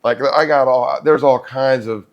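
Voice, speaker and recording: A man hosting a podcast interview, encouraging his guest with quick affirmations. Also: medium pitch, steady tone, gravelly, muffled recording. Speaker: podcast host. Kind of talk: casual interview.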